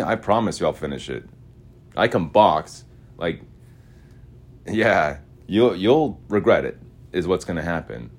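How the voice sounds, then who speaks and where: Deep-voiced guy from Utah, restless, rambling solo talk with loud and mumbled stretches. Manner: restless, repetitive, swings between loud chanting and mumbling asides. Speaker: podcaster. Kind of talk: rambling monologue voice message.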